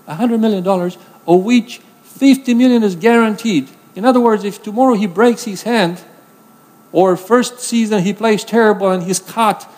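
High-voiced preacher in a reverberant hall. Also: male voice, a little mellow. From Romania. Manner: earnest, conversational preaching with emphatic scripture reading. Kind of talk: sermon.

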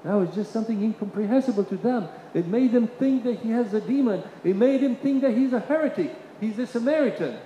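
A man preaching a sermon. He builds to emphatic peaks, drops into quiet asides, and repeats phrases while he searches for words. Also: high-pitched, expressive, a little fast, few pauses, muffled recording. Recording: reverberant hall, faint room noise.

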